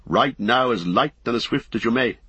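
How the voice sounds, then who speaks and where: A man reading a grim messenger rider who reports in urgent tones, with a husky voice. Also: mid-range voice, moderate pace, pushed and bright, dry recording, voice pushed up, low-quality recording.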